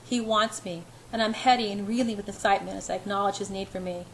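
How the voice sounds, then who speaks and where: A woman's voice: medium pitch, steady tone, fast, a little hiss or hum, poor audio. A woman narrating an amateur audiobook in the first person, earnest, with occasional stumbles.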